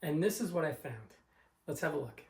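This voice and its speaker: This car collector vlogger, a Long Island man, spins a casual, meandering story about a car he found, voicing the people in it. He speaks briskly and expressively in a higher voice, with heavy background noise and echo in the room.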